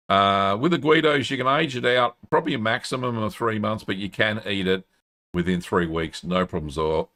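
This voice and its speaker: A middle-aged man, hosting a live stream and chatting casually with plenty of ums and uhs. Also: low voice. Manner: relaxed, chatty, frequent ums and uhs, friendly "mate". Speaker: host answering cheese-making questions. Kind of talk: casual live-stream chat, reading viewer messages.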